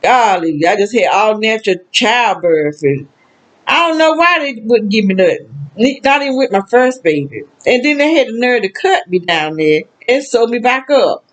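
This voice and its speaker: Speaking in a fairly high, very animated voice at a moderate pace, this older vlogger from the American South rambles through a sad, emotional monologue to the camera. She laughs and exclaims often, and the audio is poor.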